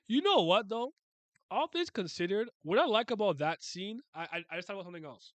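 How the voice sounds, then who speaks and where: A man's voice: high voice, lively intonation, brisk, no room sound. A man giving casual reaction commentary, ranting in exasperation with frequent exclamations and stammered restarts. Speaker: webcomic reaction host.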